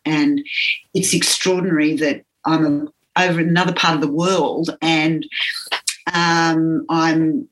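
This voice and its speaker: An older Australian woman with an accent from home, reflecting on her teaching career in an earnest, halting way with many pauses. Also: deep voice, poor audio. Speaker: interviewee, physiotherapy teacher. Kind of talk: reflective interview talk.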